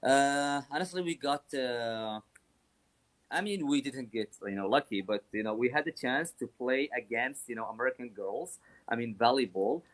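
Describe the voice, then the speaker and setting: A man from Saudi Arabia hosting a casual live stream chat, talking rapidly with many fillers and frequent laughs. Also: medium pitch.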